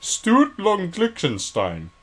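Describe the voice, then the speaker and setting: A man's voice: sits high, huge pitch swings, slow, voice pushed up, exaggerated voice. A man voicing a crude hybrid mascot creature with hooves, in a mock British accent and a cheerful, creepy manner. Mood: cheery.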